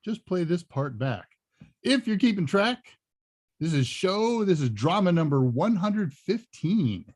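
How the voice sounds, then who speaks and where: A man's voice: high-pitched, sing-song, unhurried, a little mellow, no echo, studio quality. A man hosting a live tech Q&A, chatting casually and rambling with chuckling asides. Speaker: host and senior instructor. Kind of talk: casual livestream Q&A chat.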